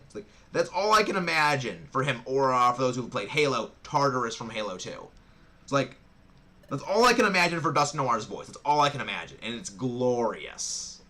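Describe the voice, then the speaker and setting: A male streamer giving excitable, rambling commentary while he plays a game, restarting his sentences often. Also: mid-range voice. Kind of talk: casual gameplay commentary.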